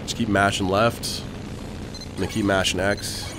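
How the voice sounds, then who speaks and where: A man giving casual gaming commentary, calling out button prompts, joking and swearing with bursts of loud laughter. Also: on the low side, little pitch movement, measured pace, noisy background. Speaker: co-host guiding a video game playthrough.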